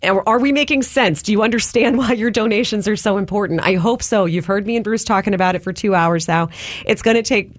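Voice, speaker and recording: A woman's voice: medium pitch, fairly quick, no room sound, clean studio sound. A woman hosting a radio pledge drive, making upbeat, enthusiastic appeals to listeners in a Philadelphia-area accent. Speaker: radio host. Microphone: studio microphone.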